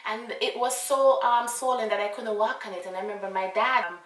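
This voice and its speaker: A woman with a Jamaican accent telling a casual storytime, animated and full of fillers and asides. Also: a little high, brisk, recorded from a distance. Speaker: vlogger. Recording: roomy, away from mic.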